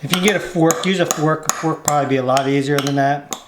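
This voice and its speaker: A man hosting a casual cooking show outdoors, walking through a recipe step by step in a relaxed way. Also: a little high, fast, echoey room, background noise. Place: outdoors, windy.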